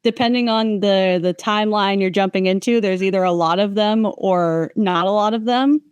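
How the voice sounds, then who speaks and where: Smooth-voiced, deadpan young woman guest. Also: mid-range voice, normal speed, no room sound, dull audio. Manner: dry, deadpan remarks with hesitant fillers. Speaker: podcast guest. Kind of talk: casual chat.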